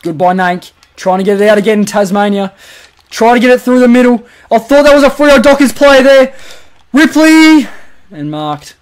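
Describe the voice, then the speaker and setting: Excitable young Australian gaming commentator. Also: male voice, extremely high pitch, moderate pace, clean tone. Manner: swings from muttered asides to shouted goal calls. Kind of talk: excited play-by-play over a football video game.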